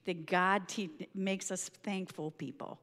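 A woman's voice: fairly low pitch, steady tone, slow, a bit bright, big-room sound. A woman voicing her blunt, matter-of-fact friend, who has no arms. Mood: earnest.

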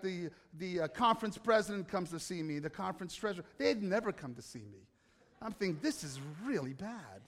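A man preaching to an audience, telling a self-mocking personal story in an animated way with asides to the crowd. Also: sits high. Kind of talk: storytelling sermon. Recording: hall reverb.

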